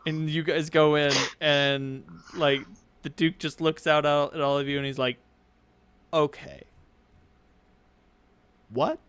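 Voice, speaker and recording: A man's voice: on the high side, level tone, measured pace, a bit bright, clean tone, no echo. A young man narrating a tabletop game as game master, in a casual, rambling way with many fillers.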